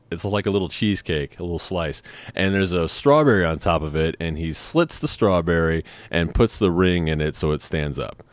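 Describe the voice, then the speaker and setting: Deep-voiced man telling a story. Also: no echo. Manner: animated, acts out the scene in quotes, swears freely. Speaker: channel host. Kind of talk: casual personal storytelling.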